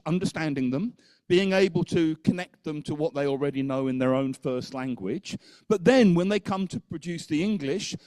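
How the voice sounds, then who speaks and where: A man's voice: fairly high pitch, no room sound. Man giving a talk at a teachers conference, keeps asking okay?, dry close sound. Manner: lively storyteller, keeps checking in with "okay?".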